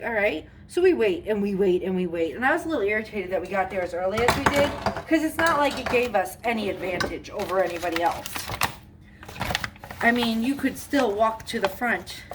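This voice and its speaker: Young woman baking at home n telling a story, rambly chatty voice, noisy background. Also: on the high side. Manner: chatty, rambling, many fillers. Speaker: vlogger. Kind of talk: casual storytime while baking. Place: home kitchen.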